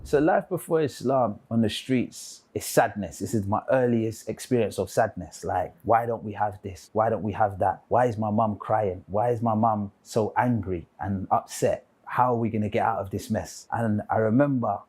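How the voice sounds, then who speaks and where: A man from London speaks in a lowish voice, telling stories from his life with a London accent. He is a spoken word poet giving an interview and slips into the voices of the people he describes. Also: normal speed, few pauses, a little mellow, husky. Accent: London English. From London, England. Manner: vivid storyteller who acts out quoted voices. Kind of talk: storytelling interview.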